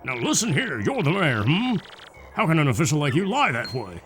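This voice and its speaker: A stuffy old Bob-omb sailor, as a man puts him on for a video game, pitched up and clipped in a pompous way. Clear game music runs beneath him. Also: big pitch swings, fairly quick, a bit bright.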